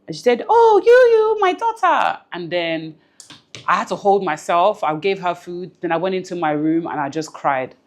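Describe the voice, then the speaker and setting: A woman's voice: on the low side, fairly even intonation, moderate pace. A woman guest in an interview, talking earnestly and reflectively about something personal, often repeating phrases for emphasis. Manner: close to tears at times.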